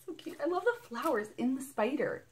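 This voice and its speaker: A woman's voice: high voice, animated, a little fast, slight background noise. Bubbly gushing woman vlogger. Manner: bubbly and gushing, squealing with delight; rambling and chatty. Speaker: unboxing vlogger. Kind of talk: casual unboxing chat.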